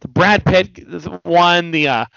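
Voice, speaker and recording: Animated swearing man, dry lo-fi sound. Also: sits high, slow pace, smooth, dry recording. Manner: animated, swearing, quotes movie lines in mock voices. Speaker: podcast host. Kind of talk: casual chat.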